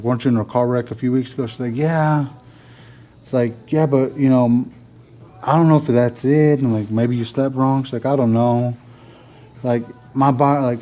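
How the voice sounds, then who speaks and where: A man, telling a rambling story to his vlog audience in a casual way, full of "like" and "you know". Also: mid-range voice. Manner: rambling, filler-heavy, animated when retelling. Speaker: vlogger.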